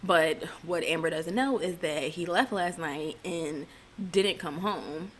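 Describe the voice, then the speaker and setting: A woman talks through a reality show episode in a loose, chatty recap, tossing in dry, sarcastic remarks along the way. Her voice sits a little low for a woman. Faint background noise hums under her voice. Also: takes it slowly. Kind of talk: casual recap chat.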